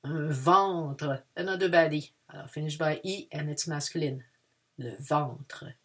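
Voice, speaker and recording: Husky woman teaching to children. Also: low voice, measured pace, a bit bright. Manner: patient, switches between English and French. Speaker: French teacher. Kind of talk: children's language lesson. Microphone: video lesson.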